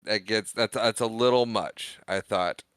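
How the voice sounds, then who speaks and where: Male podcast co-host, measured and hesitant, lower pitch, smooth clear tone. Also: a bit bright, dry recording. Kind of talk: casual film review.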